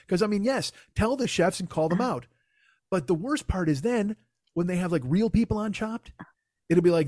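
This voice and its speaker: A man's voice: sits high, lively intonation, fast, darkish tone, slightly rough, no echo, studio quality. A man hosting a podcast, ranting in a casual, comic, profane and exasperated way. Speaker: podcast host. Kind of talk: casual comedic rant.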